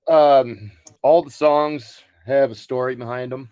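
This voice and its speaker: A man's voice: medium pitch, fairly even intonation, measured pace, a little mellow, clear, resonant tone, no room sound. A man in a band explaining the story behind their songs in a casual interview, with many ums and uhs. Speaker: band member.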